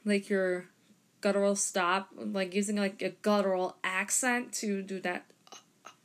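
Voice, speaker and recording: Slow-talking woman teaching harmonica. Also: medium pitch, fairly even intonation. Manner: unhurried, explains step by step with demonstrations. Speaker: harmonica teacher and podcast host. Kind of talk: casual instructional talk.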